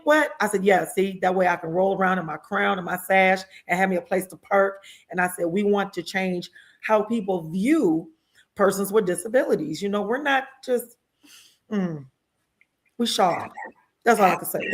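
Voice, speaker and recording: A woman guest in an interview, telling stories in a heartfelt, animated way and acting out other people's lines. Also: medium pitch. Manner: heartfelt and emotional, with religious exclamations. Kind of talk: conversational storytelling interview.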